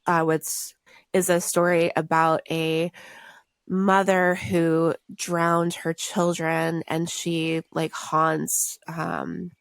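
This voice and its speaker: A woman's voice: deep voice, flat delivery, drawn-out words, smooth, dry recording. A woman co-hosting a podcast, talking through ideas casually with lots of "like" and "um". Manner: thoughtful, many fillers like "like" and "um". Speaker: podcast co-host. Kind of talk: casual movie discussion.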